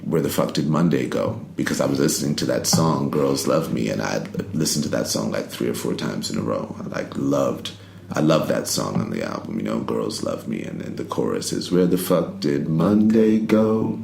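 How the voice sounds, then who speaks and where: Very deep gravelly man, laid-back storytelling. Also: fairly quick, a little mellow. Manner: laid-back, rambling, lots of "you know" and "like". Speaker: interview guest, poet and rapper. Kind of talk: casual interview storytelling. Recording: roomy recording with faint ambience.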